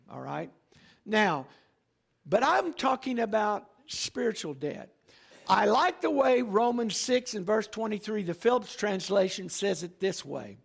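High gravelly preaching older man. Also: fairly bright tone. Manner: emphatic preaching, slowing for key phrases, frequent "all right?". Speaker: pastor. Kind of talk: sermon.

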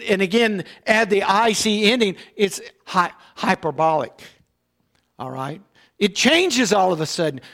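A high-pitched man delivers a Sunday sermon from the pulpit. He teaches in a loose, conversational way, stopping often to check in with his listeners. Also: a bit bright. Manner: conversational preaching with frequent "all right?" check-ins. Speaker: pastor. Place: church.

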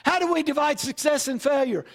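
A pastor preaching a sermon, asking rhetorical questions and repeating key lines. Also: male voice, very high-pitched, fairly quick, gravelly.

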